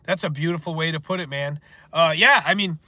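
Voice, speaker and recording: A man's voice: fairly high pitch, fairly quick, bright, forceful tone, dry recording. Profane rambling man on a livestream. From northeastern United States. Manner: profane, rambling, answers chat comments. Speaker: livestream host. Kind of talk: casual livestream chat.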